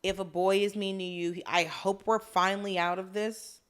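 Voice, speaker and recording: A woman's voice: mid-range voice, level tone, moderate pace, a bit bright, clear, resonant tone. A woman co-hosting a podcast, chatting casually and acting out drama scenes in quoted voices. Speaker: podcast co-host. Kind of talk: casual chat recapping a drama.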